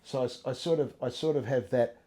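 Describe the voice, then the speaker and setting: Middle-aged man, mellow tone, earnest, chatty interviewee. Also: mid-range voice, fast. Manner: earnest, conversational, frequent restarts and "you know". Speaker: interviewee sharing his testimony. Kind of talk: casual interview.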